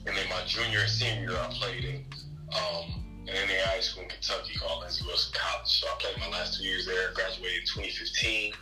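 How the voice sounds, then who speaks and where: Man, late twenties, from Kansas City, basketball coach, casual interview, low voice, faint music underneath. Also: fairly even intonation, fast talker, poor audio. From Kansas City, Missouri. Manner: laid-back, peppers speech with "man" and "bro", restarts often.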